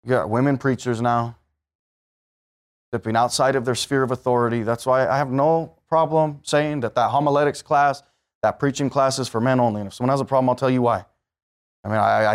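A man preaching a sermon as pastor, emphatic, swinging between loud peaks and low asides.

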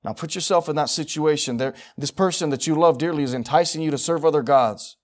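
A man preaching a sermon, moving between quiet, intimate asides and loud, emphatic passages as he reads scripture. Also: on the high side, fairly quick.

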